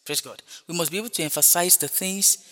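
Man, preacher, sermon, bright forceful tone, fairly high voice, long hall echo. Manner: repeats hallelujah and praise God between points; stretches words slowly for emphasis.

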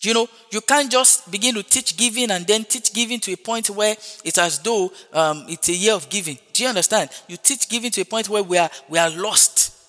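A man preaching a sermon, stretching words slowly for emphasis and dropping in hallelujah and praise God between points. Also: high voice, pushed and bright, soft background music. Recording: long hall reverb.

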